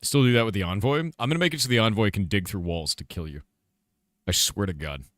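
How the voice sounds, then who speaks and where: A man's voice: fairly low pitch, fast talker, dry recording, clean studio sound. A man, a game developer, talking casually with his livestream chat. He asks viewers questions, muses aloud and breaks into emphatic outbursts. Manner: animated, with sudden emphatic outbursts.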